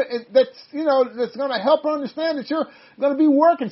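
An older man leading a casual Bible study, chatty and quick to laugh, often breaking off his own sentences. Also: extremely high pitch, lively intonation. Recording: dull lo-fi sound.

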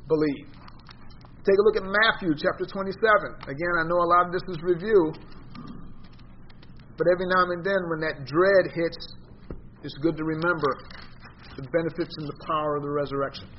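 A high-pitched man leads a Bible study, reading verses aloud and then breaking them down with questions for his class. The sound is dull and lo-fi, with a faint hiss underneath. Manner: reads scripture aloud, then explains and quizzes the class. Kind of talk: interactive Bible study teaching.

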